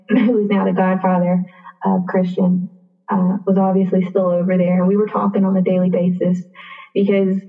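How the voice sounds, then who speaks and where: A young woman telling a personal story in a casual interview, chatty with lots of fillers and acted-out quotes. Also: medium pitch. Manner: chatty, many fillers, acts out quoted dialogue. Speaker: interview guest. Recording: tinny phone-like line.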